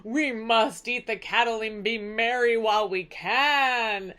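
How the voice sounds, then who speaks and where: A woman's voice: fairly high pitch, slow, a bit bright. A woman voicing a male sailor leader who gives a rousing, declaiming speech.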